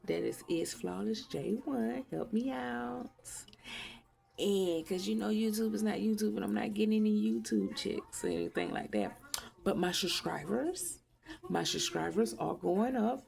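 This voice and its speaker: A woman's voice: medium pitch, expressive, a little slow, creaky, darkish tone. A woman vlogging to her channel, blunt and profane. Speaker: YouTube vlogger. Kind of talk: casual commentary vlog.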